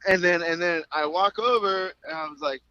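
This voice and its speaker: Profane, animated fighter on a dull call line. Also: male voice, sits high, normal speed, clear, resonant tone. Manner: animated and profane, acts out the voices in his stories. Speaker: MMA fighter guest. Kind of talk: casual storytelling interview. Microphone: remote call.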